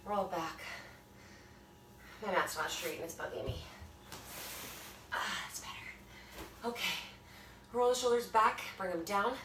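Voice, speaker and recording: In a home workout class shot on a phone from across the room, a woman instructor chats and motivates viewers between breaths. Her mid-range voice is animated, at normal speed with long pauses, and the distant mic captures room echo and background noise.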